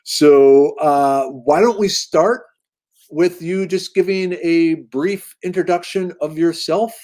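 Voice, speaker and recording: A man's voice: fairly high pitch, slow, darkish tone. A man hosting a casual livestream interview show, talking in an easygoing way and greeting viewers by name. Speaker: host.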